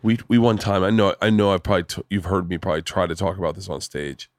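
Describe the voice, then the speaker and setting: Brief: male podcast host, animated and profane storyteller, dry mic. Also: low voice, fast talker, no room sound. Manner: animated storyteller who swears freely. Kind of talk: casual storytelling chat.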